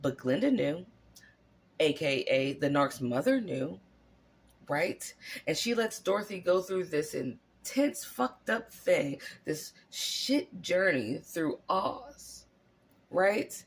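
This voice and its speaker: A host unspooling a profane, animated commentary at an unhurried pace, peppered with rhetorical questions. The voice is gravelly and husky, with pitch swinging widely. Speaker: channel host.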